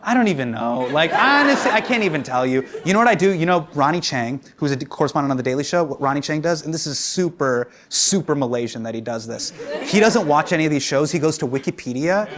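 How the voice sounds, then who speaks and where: A man's voice: on the high side, fast talker, few pauses, crowd noise. A man hosting a comedy show, answering audience questions on stage with lots of laughter and acted-out quotes. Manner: animated, laughing, acts out quotes. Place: studio stage before a live audience. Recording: loud audience and background noise.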